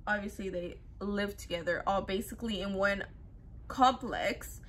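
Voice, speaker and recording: A woman's voice: medium pitch, moderate pace, fairly bright tone. A young woman casually retelling a true crime story, chatty and loose, full of fillers, briefly acting out what people said. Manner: chatty, filler-heavy, acts out quotes loosely.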